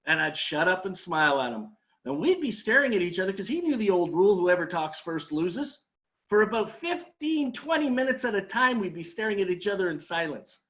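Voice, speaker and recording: A man's voice: high voice, very animated, brisk, a bit bright. A man leading a sales training talk, telling an anecdote and acting out his customers' lines, with emphatic repeated advice.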